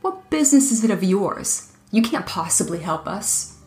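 A woman's voice: medium pitch, big pitch swings, moderate pace, darkish tone. A woman doing a fretful, rude young soldier.

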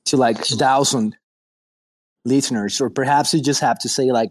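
A man's voice: mid-range voice, steady tone, normal speed, dry recording. A man co-hosting a casual online audio chat, joking and swearing loosely, calling in from his dining room at home. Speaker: co-host of crypto audio space. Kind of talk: casual banter.

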